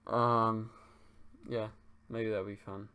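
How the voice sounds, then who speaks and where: A man's voice: on the low side, flat delivery, slow pace, bright, forceful tone, smooth. A young man from England, hosting a livestream and answering viewers' questions in a laid-back, rambling way, swearing casually. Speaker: livestream host.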